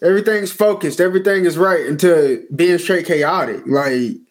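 A man's voice: a little high, normal speed. A man in a casual chat, emphatic and repeating his points for weight.

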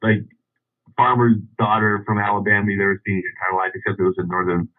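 A man's voice: fairly low pitch, fairly even intonation, quick pace. A man casually telling a long anecdote, rambling with many restarts and chuckles. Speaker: storyteller. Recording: phone-like radio line.

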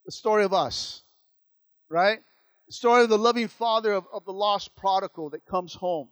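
A man's voice: high-pitched, fairly bright tone, no echo. A man preaching a sermon as pastor, repeating lines and calling out to the church. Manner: preaching with call-outs and repetition.

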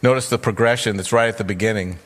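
Bright-voiced pastor in a reverberant church. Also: male voice, lowish voice, fairly even intonation, fast talker. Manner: storytelling, briefly acting out characters' lines. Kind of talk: sermon.

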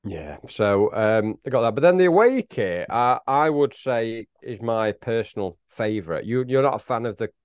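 A man co-hosting a casual football podcast, talking in halting bursts with frequent restarts and chuckles. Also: mid-range voice, expressive, dry recording, clean studio sound. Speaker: podcast co-host.

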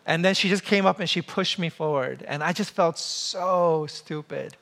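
A man's voice: fairly high pitch, moderate pace, vocal fry, fairly bright tone. A man in his forties giving a sermon in a conversational, humorous way, asking the listeners questions. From came to the US as a child. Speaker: pastor.

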